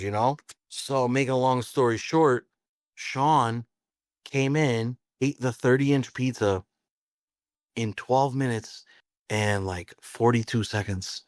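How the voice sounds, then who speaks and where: A pizzeria owner telling a story in a casual, animated way, acting out quotes and often saying "like" and "dude". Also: male voice, mid-range voice, unhurried, dry recording, studio quality.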